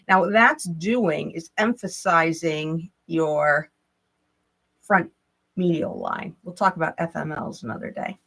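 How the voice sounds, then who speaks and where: A woman leading a yoga and movement class, calmly cueing breath and stretches with the odd soft laugh. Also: low-pitched, unhurried, creaky, rough recording. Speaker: yoga instructor. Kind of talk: guided movement instruction.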